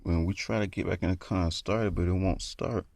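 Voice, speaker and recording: A man's voice: low-pitched, fairly even intonation, a little fast, creaky, a little mellow, dry recording. A man telling a horror story in a casual, rambling way, full of fillers.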